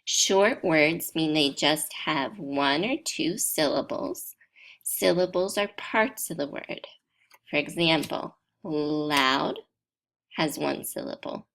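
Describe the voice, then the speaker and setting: Woman teacher, patient step-by-step grammar explainer; slightly low voice with some fry. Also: a bit bright. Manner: slow, deliberate step-by-step explaining. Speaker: English teacher. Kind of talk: grammar lesson for learners.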